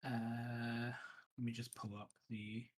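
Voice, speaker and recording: A woman's voice: very deep voice, flat delivery, slow pace, poor audio. A woman narrating as game master in a tabletop game, hesitant and full of fillers.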